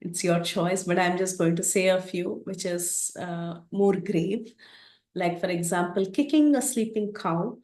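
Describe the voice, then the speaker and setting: Expressive woman teaching a scripture story. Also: on the low side, unhurried. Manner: expressive, acts out the characters. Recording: roomy echo.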